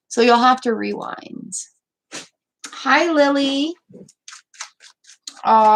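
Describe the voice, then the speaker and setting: Hiccuping through a live stream, a tarot reader gives card readings in a high, slightly bright voice. She stays encouraging and chatty, repeating words and leaning on fillers.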